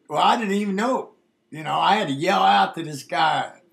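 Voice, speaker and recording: A man's voice: fairly high pitch, animated, normal speed, fairly bright tone. An older man telling a rambling, folksy story from his past, dropping "man" into nearly every sentence. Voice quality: gravelly. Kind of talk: casual spoken memoir.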